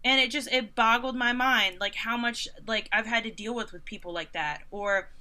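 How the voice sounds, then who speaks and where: Bright-voiced woman in her thirties telling sarcastic stories. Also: fairly high pitch, normal speed. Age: 30s. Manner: animated, sarcastic, acts out other people's lines; frequent "like" fillers. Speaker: interview guest, concert photographer. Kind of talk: casual interview storytelling.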